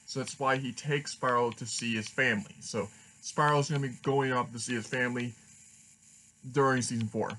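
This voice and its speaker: A man sharing a fan theory in a casual vlog, rambling and halting with many restarts. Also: medium pitch, steady tone, pushed and bright, slight background noise, poor audio. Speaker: fan vlogger.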